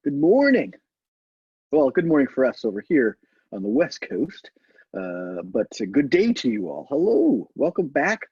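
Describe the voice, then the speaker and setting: A man's voice: medium pitch, huge pitch swings, a little slow, a little mellow, slightly rough, no echo, muffled recording. A man hosting a live online event from home, casual and chatty with lots of fillers and laughs. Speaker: host. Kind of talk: casual live-stream chat.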